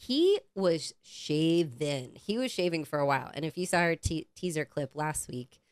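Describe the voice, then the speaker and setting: A woman co-hosting a podcast, telling a casual story in a lively, swearing, animated way and acting out the quotes. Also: low-pitched, normal speed, no room sound, studio quality. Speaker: podcast co-host.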